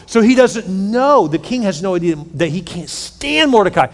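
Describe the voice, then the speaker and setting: A man preaching a sermon, telling a story in a lively way and acting out each character's lines himself. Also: high-pitched, moderate pace, in a large hall. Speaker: pastor.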